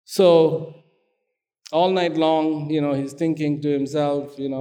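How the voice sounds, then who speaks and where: A man preaching, telling a story and asking the audience animated questions, in a hall with long reverb. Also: on the high side, slow pace. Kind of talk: sermon storytelling.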